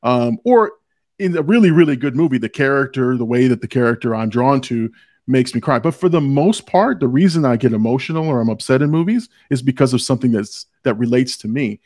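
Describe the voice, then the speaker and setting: A man's voice: mid-range voice, animated, brisk, a little mellow, dry recording, studio quality. A man hosting a podcast, talking earnestly in casual chat and often restarting as he tells personal stories. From Hispanic family background. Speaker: podcast host.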